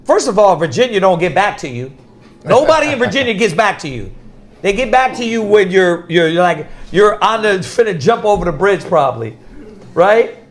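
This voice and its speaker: Man, high voice, casual religious talk, lively storytelling, laughs a lot. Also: normal speed. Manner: animated storytelling, laughs often, drops to soft quoting voice. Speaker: preacher.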